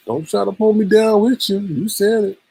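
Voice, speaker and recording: A man's voice: high-pitched, creaky, mellow, slight background noise, rough recording. A man hosting a live-stream gossip commentary show, teasing and exclaiming as he greets the chat and runs through the night's topics. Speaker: host.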